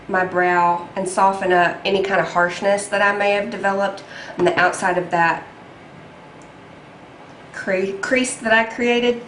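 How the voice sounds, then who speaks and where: A woman's voice: mid-range voice, a bit bright, roomy sound, slight background noise, rough recording. A young woman talking through a makeup tutorial in a chatty, self-deprecating way, with frequent ums. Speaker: beauty vlogger.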